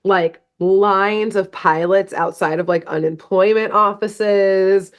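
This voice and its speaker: A woman's voice: medium pitch, steady tone, slow pace, dull audio. Rambling woman recapping a cartoon. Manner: rambling, full of "like" and fillers; laughs at her own jokes. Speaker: podcast co-host recapping a cartoon episode. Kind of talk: casual chat.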